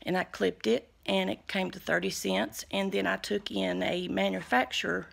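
Woman, very gravelly fry, homey chatty vlogger, handheld phone recording. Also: medium pitch, steady tone, normal speed, fairly bright tone. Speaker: vlogger sharing store deals. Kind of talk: casual talk to camera.

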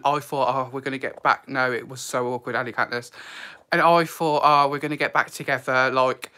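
A man's voice: fairly high pitch, sharp tone. A man chatting on a live stream in a casual, emotional way, leaning on "like" and "literally.".

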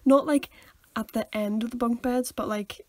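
A woman's voice: on the high side, steady tone, normal speed, a little mellow, dry recording. A young woman co-hosting a casual podcast, chatty and teasing, often laughing. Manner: chatty, sets scenes and teases, laughing often. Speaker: podcast co-host. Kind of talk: casual chat.

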